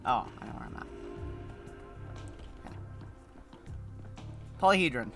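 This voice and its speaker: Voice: medium pitch, animated, unhurried, creaky, long pauses, fairly bright tone, soft background music. A streamer giving playful, jokey commentary while playing a game. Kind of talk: casual game playthrough commentary.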